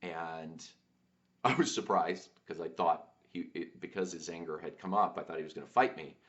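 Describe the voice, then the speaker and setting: Deep-voiced guy telling a personal story, lots of ums and restarts, kinda muffled lo-fi sound. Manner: halting, many fillers and restarts. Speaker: podcast host. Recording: dull lo-fi sound.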